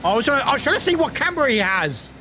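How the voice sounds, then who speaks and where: A young British man streaming a video game, chatting casually with lively outbursts, jokes and laughter. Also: very high voice, fast talker, slight background noise. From United Kingdom. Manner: animated, laughing, swearing, chatty. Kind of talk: casual gameplay commentary.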